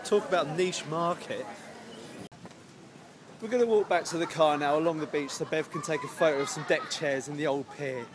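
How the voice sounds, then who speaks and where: A man's voice: a little high, moderate pace, crowd noise. A young man casually vlogging a day out, chatty and teasing, filmed on a handheld camera in windy seaside streets. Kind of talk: casual vlog narration. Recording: windy outdoor noise, traffic.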